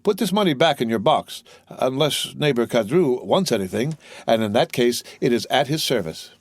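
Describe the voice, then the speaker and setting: A man's voice: medium pitch, lively intonation, moderate pace, no echo. A man doing an earnest young sailor. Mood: polite. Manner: earnest and emotional. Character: young male sailor, earnest, devoted son.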